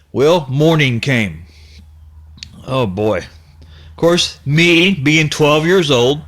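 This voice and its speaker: A channel host in his fifties from the Ohio-Kentucky area of the USA shares a personal story with a folksy, nostalgic air. His voice sits on the high side and sounds a bit bright, and he rambles, halts, and restarts often.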